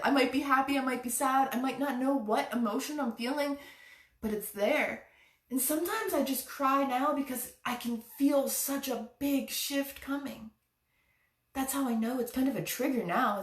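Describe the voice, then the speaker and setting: Her voice high-pitched and distant, a chakra challenge host speaks in an echoey room during a live stream. She offers viewers an earnest, encouraging motivational talk.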